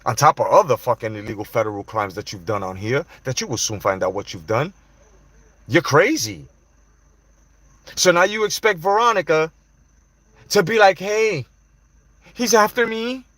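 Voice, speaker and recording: A man's voice: medium pitch, very animated, moderate pace, long pauses, a bit bright, dry recording. A man hosting a live stream, confronting people directly in a heated, profane rant to his viewers. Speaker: livestream host.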